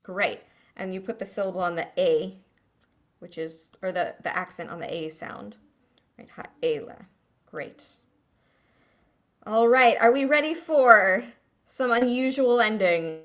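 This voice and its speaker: A woman's voice: medium pitch, measured pace, a bit bright, muffled recording. A woman rabbi teaching a small class to read Hebrew, patient and encouraging.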